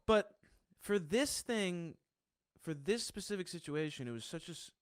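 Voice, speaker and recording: A man's voice: sits high, animated, normal speed, no room sound. Candid, laughing male podcast guest. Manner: open and frank, laughs often between phrases. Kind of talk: candid conversational talk.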